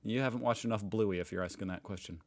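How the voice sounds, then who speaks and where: A man's voice: fairly low pitch, fast. An American man hosting a casual reaction video, reading posts aloud and commenting with amused, chatty remarks. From United States. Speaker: host reacting to online posts. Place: home room in Indiana.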